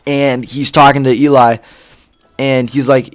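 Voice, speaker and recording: A man's voice: mid-range voice, little pitch movement, measured pace, faint music behind. A man casually retelling a story, rambling with lots of fillers and swearing. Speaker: vlogger.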